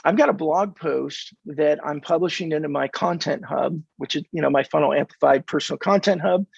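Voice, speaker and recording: An American man in his fifties tells stories in a casual interview, with a gravelly, husky voice that sits a bit high for a man. He acts out dialogue with animated energy. The audio is dull and dry, like a remote podcast line. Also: fairly quick, dry recording. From California, USA. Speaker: podcast guest.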